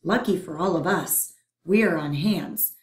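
A woman reading a children's picture book aloud in a playful, expressive way. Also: lowish voice, unhurried. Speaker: storyteller. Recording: roomy echo.

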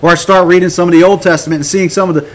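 An American man teaching a Bible study on prayer, animated and emphatic, full of rhetorical questions. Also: high-pitched, rapid-fire. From United States.

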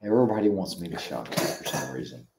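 Man telling a story, lively and mellow. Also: deep voice, quick pace. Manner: animated storyteller, acts out dialogue. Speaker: show co-host. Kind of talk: casual chat, storytelling.

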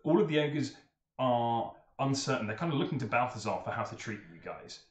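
A man narrating as game master of a tabletop game, in a lively, animated way. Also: mid-range voice, fairly quick. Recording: roomy echo.

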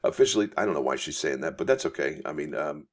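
A male coin channel host with an extremely low, expressive voice talks fast while giving casual news commentary. He reads articles aloud with asides in a chatty, folksy way and calls his viewers folks.

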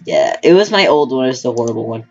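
A man's voice: medium pitch, wildly swooping pitch, fast talker, gravelly, highs cut off, a crowd in the background. A teenage boy chatting casually with a friend while playing a game, joking and trash-talking, his voice cracking often. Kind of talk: casual gaming chat.

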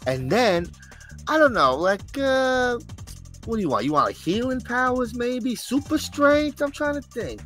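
Playful, lively-voiced man co-hosting a podcast. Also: extremely high pitch, moderate pace, faint music behind. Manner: playful, teasing, laughs often. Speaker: podcast co-host. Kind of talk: casual chat.

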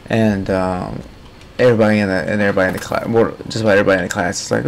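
A man talks over his gameplay in a loose, rambling way. His voice sits low and has a gravelly edge. A faint background noise runs under the talk. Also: fast talker. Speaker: gaming streamer. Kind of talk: casual gameplay commentary.

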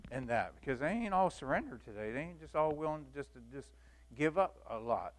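Guy teaching sunday school, folksy and lively, voice sits a bit high. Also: brisk. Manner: folksy and animated, acts out Bible scenes, laughs often. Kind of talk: church Bible lesson.

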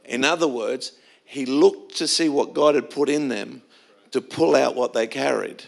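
Conversational middle-aged pastor preaching. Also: male voice, medium pitch, measured pace, gravelly. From Australia. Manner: conversational, anecdotal preaching with frequent restarts. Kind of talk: sermon. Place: church.

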